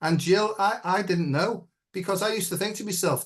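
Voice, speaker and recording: A man's voice: sits high, normal speed, hardly any pauses. A middle-aged man as an interview guest, telling a personal story in an earnest, reflective way and often checking in with "right?".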